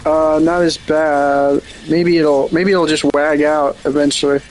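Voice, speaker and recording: A man's voice: fairly high pitch, level tone, measured pace, a little mellow, a little hiss or hum, low-quality recording. Laid-back young man on voice chat. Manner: laid-back, swears casually. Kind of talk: casual chat. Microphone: online voice chat mic.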